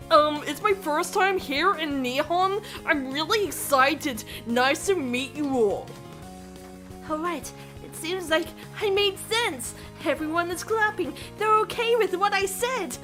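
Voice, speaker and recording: A woman's voice: extremely high pitch, measured pace, bright, forceful tone, soft background music, full character voice. Woman reading as Brian, a nervous young exchange student. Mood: eager. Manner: reads narration and lines aloud, stumbling and giggling over them. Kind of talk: reading game text aloud.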